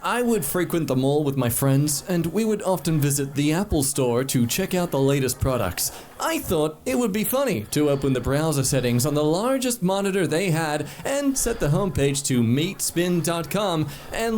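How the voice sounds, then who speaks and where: Lively sarcastic man reading posts aloud. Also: moderate pace, few pauses, slight background noise. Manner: sarcastic, laughs often, swings pitch widely. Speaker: reaction video host.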